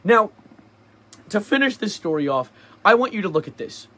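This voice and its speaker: A young man vlogging, telling a story in a lively, sarcastic way and often laughing. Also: sits high, moderate pace. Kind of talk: casual storytelling vlog.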